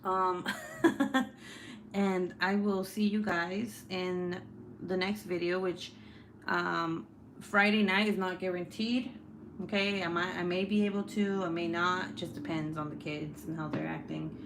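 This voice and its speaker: A woman's voice: fairly low pitch, steady tone, measured pace, creaky, a bit bright, slight background noise. A young woman hosting a casual book club live stream, chatty and often laughing as she reads viewer comments aloud.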